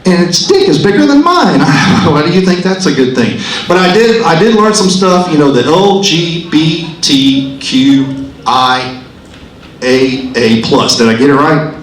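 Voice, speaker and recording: A man's voice: on the high side, a little slow, a little hiss or hum. A man in his sixties doing a stand-up comedy set in a club, rambling, profane and self-mocking, working the crowd. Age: 60s. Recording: echoey club room.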